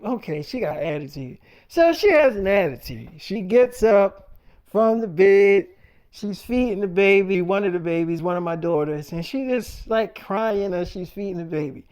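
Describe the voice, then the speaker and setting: A man's voice: sits high, animated, normal speed, darkish tone, smooth. Rambling, casual male storyteller. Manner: rambling, profane, many fillers.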